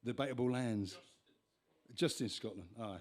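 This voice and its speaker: A folk singer-songwriter performing live talks between songs on a music venue stage, his voice going through a stage vocal mic with a monitor while music plays. He has a medium pitch and normal speed, and his chat meanders, with sentences he keeps interrupting and restarting.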